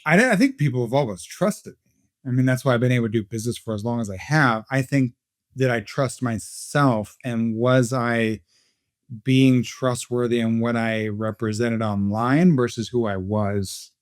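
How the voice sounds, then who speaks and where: A man's voice: mid-range voice, normal speed, no room sound, studio quality. A man hosting a casual podcast chat, joking around and rambling. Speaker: podcast host.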